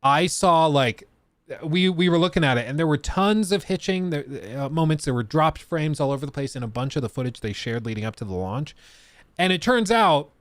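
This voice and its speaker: A man's voice: a little high, lively intonation, brisk, dry recording. A young man streaming live, chatting casually and laughing as he reacts to a game trailer and explains technical details.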